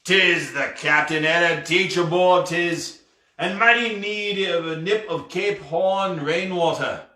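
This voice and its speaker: A man voicing a gruff old male pirate ghost captain, bellowing in pirate dialect in a deep rumbling voice. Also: slow, bright, forceful tone, roomy sound, full character voice. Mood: boasting.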